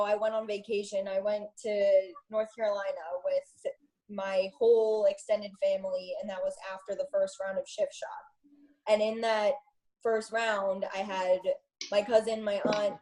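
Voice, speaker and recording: A young adult woman guest in a casual interview, her voice pitched in an ordinary middle range. She rambles cheerfully and is quick to laugh at herself. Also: a little mellow, poor audio. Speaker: interview guest, new coach.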